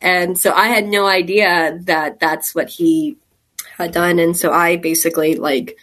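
A woman's voice: lowish voice, steady tone, a little slow, fairly bright tone. A woman from Texas, a caver, telling stories in a rambling, chatty way during a casual interview, laughing often. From Texas, USA. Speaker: guest caver.

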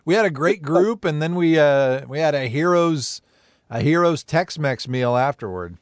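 A man's voice: on the high side, expressive, normal speed, no room sound, studio quality. A man hosting a podcast, talking in a chatty, enthusiastic and rambling way. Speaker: podcast host. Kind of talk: casual podcast talk.

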